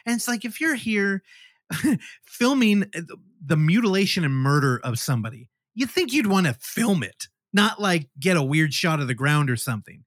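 A man co-hosting a podcast, chatting casually about horror films, animated and swearing freely. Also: high-pitched, dry recording, clean studio sound. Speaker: podcast co-host.

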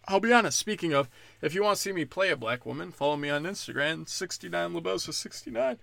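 A man's voice: a little high, expressive, fast, creaky, few pauses, fairly bright tone, dry recording. A man hosting a podcast, talking in a loose, rambling, sarcastic way and swearing often. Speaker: podcast host. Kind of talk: casual rambling monologue.

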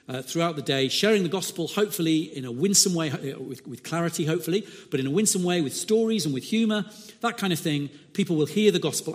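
A man preaching a sermon, telling anecdotes and asking rhetorical questions. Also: fairly high pitch. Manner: animated storytelling with voiced asides and rhetorical questions. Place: church. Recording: long hall reverb.

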